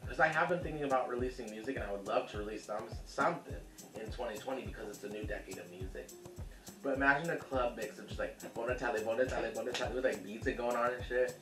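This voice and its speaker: Male home-cooking vlogger, sassy and chatty, mid pitch, roomy kitchen, music behind. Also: fast, recorded from a distance. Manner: sassy, calls viewers honey, laughs easily. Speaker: cooking vlog host. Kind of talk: casual chatty cooking vlog.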